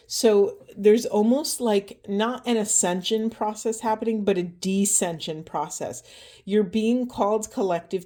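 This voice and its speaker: A woman giving a spiritual card reading in an earnest, emotional way, asking gentle questions, her voice going hoarse. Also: mid-range voice. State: losing her voice. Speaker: tarot and oracle reader.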